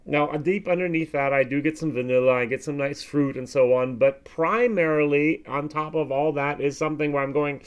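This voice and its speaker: An American man giving a casual whisky tasting review, with animated, expressive reactions and plenty of fillers. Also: on the high side, a little fast, hardly any pauses, clean tone. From United States.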